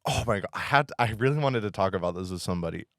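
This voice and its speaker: A man's voice: fairly low pitch, lively intonation, rapid-fire, no echo, studio quality. A young man co-hosting a casual college podcast, chatty and rambling, with lots of fillers and laughter. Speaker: podcast co-host; campus equity and inclusion worker. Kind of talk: casual chat.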